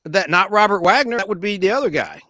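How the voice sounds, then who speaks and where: Brief: high-pitched, dry-sounding man, chatty film buff, casual podcast. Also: expressive, fast talker, bright, forceful tone, no echo. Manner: rambling, film-buff enthusiasm. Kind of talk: casual chat.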